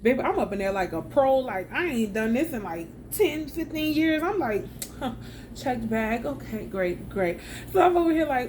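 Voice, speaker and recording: A woman's voice: high voice, normal speed, a little hiss or hum. A woman, telling a travel story in a chatty, slangy vlog style. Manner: chatty and slangy, with animated retold dialogue. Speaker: vlogger.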